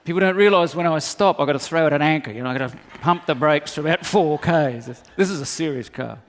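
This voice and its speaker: A pastor with a high, fast voice preaches a sermon full of comic stories, animatedly acting out the voices in them. The recording has long hall reverb and a little hiss or hum.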